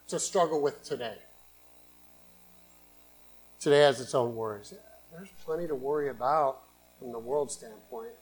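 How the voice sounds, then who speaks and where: A man preaching a sermon in earnest, swinging between loud emphatic bursts and quiet asides. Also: fairly high pitch, low-quality recording. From San Francisco Bay Area, USA. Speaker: pastor.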